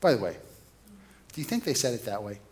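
A man's voice: mid-range voice, very animated, fairly quick. Male preacher, conversational sermon, storyteller who questions his listeners.

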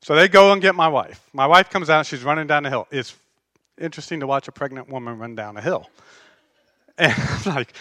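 A man preaching a sermon as pastor, conversational and animated, telling stories with self-deprecating humor. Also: on the high side, normal speed, no room sound, studio quality.

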